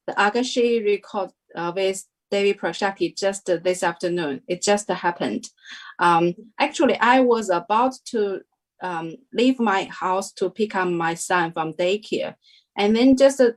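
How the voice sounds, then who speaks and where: Slow, halting woman telling her story. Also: medium pitch. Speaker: interview guest. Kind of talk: personal testimony. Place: lives in New Zealand.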